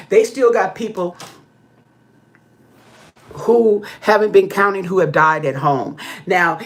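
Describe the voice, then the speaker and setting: Lively whooping woman vlogger. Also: fairly low pitch. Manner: animated, whoops and laughs often; talks straight to viewers with frequent "okay?". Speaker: vlogger answering viewers. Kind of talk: casual storytelling chat. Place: indoor room with pink walls.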